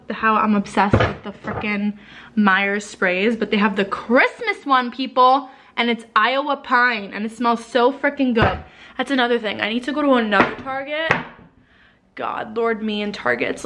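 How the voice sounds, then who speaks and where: A woman's voice: on the high side, fairly bright tone, slight background noise. A young woman from New Jersey chatting casually in a home vlog, a little out of breath, full of "like" fillers and swearing. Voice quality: frequent "like" fillers, swearing, emotional. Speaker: lifestyle vlogger. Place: home living room.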